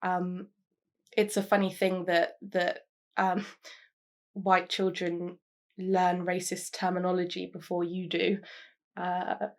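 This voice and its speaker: A woman's voice: lowish voice, completely flat delivery, slow pace, long pauses. Candid young woman, reflective. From London, England. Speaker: interviewee. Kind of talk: personal testimony to camera.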